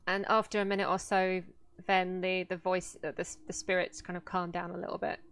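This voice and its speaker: A woman running a tabletop game, narrating scenes to her players in an unhurried, descriptive way. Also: on the low side, flat delivery, gravelly, fairly bright tone, clean tone. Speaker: game master.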